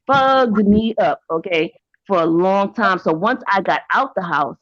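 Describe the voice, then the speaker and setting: A frank, outspoken woman on a talk panel tells her story with emphasis and no filter. Her voice sits at a middle pitch. The recording is dry and slightly muffled. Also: animated, a little slow, dry recording. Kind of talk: candid casual chat.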